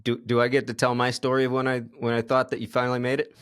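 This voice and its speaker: A man hosting a casual interview, telling a story in a relaxed way and laughing at his own anecdote. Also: medium pitch, fast, clean tone, no echo, studio quality. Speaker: podcast host.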